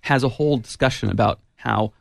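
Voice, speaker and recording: A man with a gravelly, creaky voice hosts a call-in radio talk show. He talks in a chatty, playful way, recorded close and dry in the studio. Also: medium pitch, brisk, no room sound. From California. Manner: chatty, playful, laughs easily.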